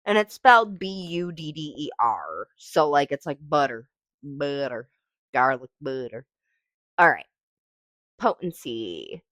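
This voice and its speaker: A woman's voice: sits low, big pitch swings, measured pace, a bit bright, no room sound, clean studio sound. A woman hosting a casual solo podcast, rambling and thinking aloud with lots of fillers, swearing and sing-song noises as she reviews a product. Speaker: podcast host reviewing cannabis.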